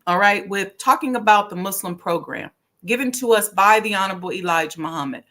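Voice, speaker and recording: A woman's voice: mid-range voice, a bit bright. Middle-aged woman teaching history on her channel, casual and preachy, slangy, laughs a lot. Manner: conversational, preachy, laughs often, slips into slang. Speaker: historic preservation consultant and channel host.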